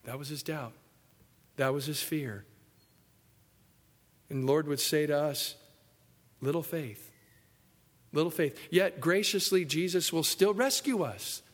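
A man's voice: on the high side, unhurried, long pauses. Emphatic man preaching a sermon. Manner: emphatic, wide swings between loud and soft. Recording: echoey hall.

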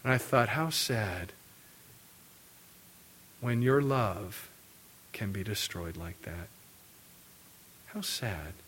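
A man's voice: fairly low pitch, extremely slow, long pauses, a little hiss or hum. Middle-aged male preacher, sermon storyteller who acts out the quotes. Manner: animated storytelling, acting out quotes. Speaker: pastor.

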